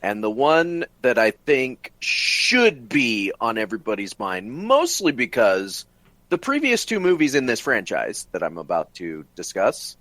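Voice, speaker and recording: Lively opinionated podcast co-host man. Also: medium pitch, unhurried, no echo. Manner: enthusiastic, opinionated. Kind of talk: casual chat.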